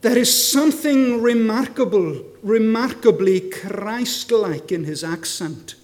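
A man preaching a sermon with passion, asking rhetorical questions and moving between hushed lines and ringing declarations. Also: high voice, takes it slowly. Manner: impassioned, swinging from hushed to ringing. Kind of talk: expository sermon.

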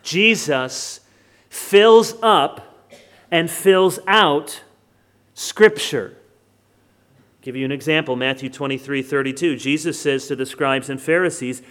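Emphatic American preacher with a high voice. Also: male voice. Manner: emphatic, slows down to stress key words, joking asides. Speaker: pastor. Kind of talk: expository sermon.

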